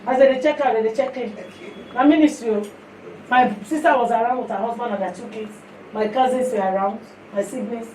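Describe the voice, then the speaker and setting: A woman preaching, telling a testimony in animated storytelling that slips into pidgin, then leading prayer. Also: on the high side, fairly quick, slight background noise. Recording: echoey hall from far off.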